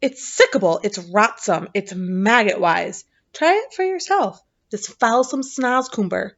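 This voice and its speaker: A woman doing a booming, kindly old giant. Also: animated, muffled recording. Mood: gleefully gross. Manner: booming, drawn-out, jumbled grammar. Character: huge kindly old male giant, muddled speech.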